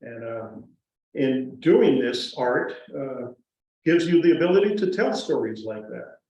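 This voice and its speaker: A man telling stories about his carving to a live audience in a folksy, animated way. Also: mid-range voice, a little slow. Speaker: guest woodcarver speaker. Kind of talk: storytelling talk to a live audience. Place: museum presentation room. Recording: echoey hall, distant muffled mic.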